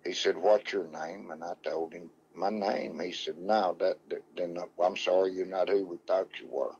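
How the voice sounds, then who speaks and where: Low-voiced, drawling male storyteller, salty and rambling; dull lo-fi audio. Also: fairly even intonation, moderate pace, darkish tone, slight background noise. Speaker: guest, dog man. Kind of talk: casual storytelling.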